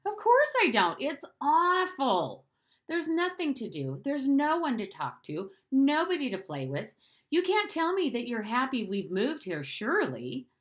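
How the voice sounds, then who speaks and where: A woman's voice: on the high side, big pitch swings, moderate pace, a bit bright, pitched above the performer's own voice. A woman voicing an indignant nine-year-old boy who whines and insists on answers. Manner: whiny, insistent questioning.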